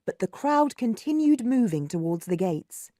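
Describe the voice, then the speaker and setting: A woman narrating a story aloud, slow and lively, acting out the dialogue. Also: a little high, no room sound, studio quality.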